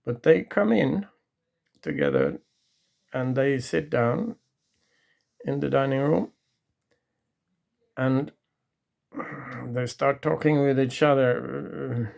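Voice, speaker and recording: Storyteller, man, gravelly and unhurried, halting delivery. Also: mid-range voice, sing-song, darkish tone. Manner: halting, with restarts and pauses. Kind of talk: retelling a true story from memory.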